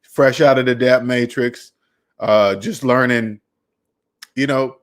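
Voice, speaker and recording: A man hosting a casual talk about debt, laid-back and slow, tagging "man" onto his sentences. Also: mid-range voice, fairly even intonation. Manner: laid-back, says "man" often, wraps up slowly. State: hiccuping. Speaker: host. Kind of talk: casual chat.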